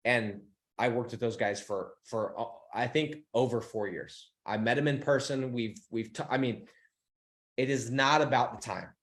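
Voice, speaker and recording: A young man casually telling an excited, profanity-laced story to his viewers, acting out the dialogue as he goes. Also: mid-range voice, normal speed, few pauses. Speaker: online business coach.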